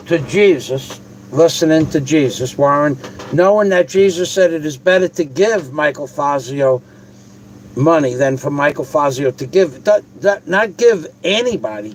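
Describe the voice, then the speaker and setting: A man's voice: a little high, slight background noise, low-quality recording. A man hosting his own video, ranting and rambling straight to his viewers with plenty of cursing. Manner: profane, rambling, talks to viewers directly. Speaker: video host.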